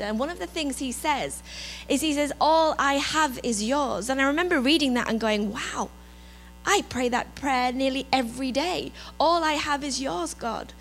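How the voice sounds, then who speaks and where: A woman with an English accent giving a reflective sermon, softening her voice as she lists God's gifts. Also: sits high, rough recording. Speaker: preacher.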